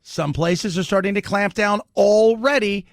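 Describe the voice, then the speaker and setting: A man's voice: sits high, a little slow, creaky, no echo. A male talk radio host with a slightly raised voice, riffing in a wry, sarcastic way. He is recorded close on a studio mic in a dry, dead room. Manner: wry and sarcastic, laughs at his own asides. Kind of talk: casual talk radio commentary.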